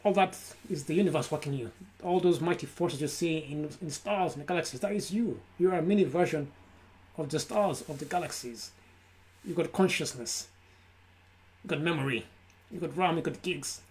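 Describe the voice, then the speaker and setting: A man's voice: a little high, moderate pace, darkish tone. A man speaking live from his room, giving an emphatic motivational talk on mindfulness in repeated lists. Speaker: self-help speaker. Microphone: camera.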